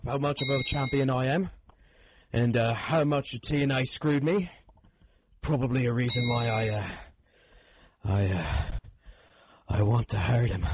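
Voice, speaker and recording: A man's voice: mid-range voice, very noisy, close to an everyday voice. A man doing an improvised impression of a menacing male wrestler who is a gun-toting maniac, rambling and saying "me" for "my".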